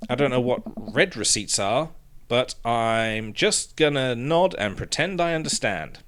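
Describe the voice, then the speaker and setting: A man's voice: medium pitch, unhurried, fairly bright tone. A man doing jokey, rambling let's-play commentary, swearing freely while reading a game aloud. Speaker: game streamer.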